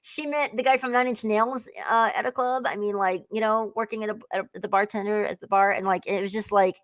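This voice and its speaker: A woman in her forties, speaking at a quick pace in a steady, medium-pitched voice, chats as a guest. She tells rambling stories, laughs along, and fills her speech with fillers. There's no room sound in the recording.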